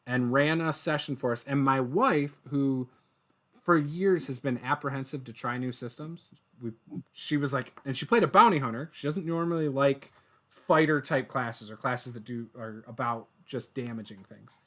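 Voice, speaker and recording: A man hosting a gaming interview show, telling stories in an excitable, rambling way. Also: mid-range voice, moderate pace. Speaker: podcast host. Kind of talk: casual interview chat.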